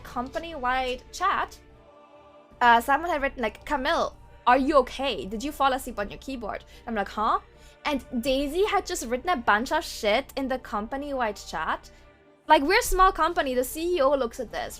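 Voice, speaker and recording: High-voiced woman streamer, laughing and rambly. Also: fairly bright tone. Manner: laughs often, swears casually, rambly. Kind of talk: casual livestream chat, reading chat aloud. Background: faint game-soundtrack music.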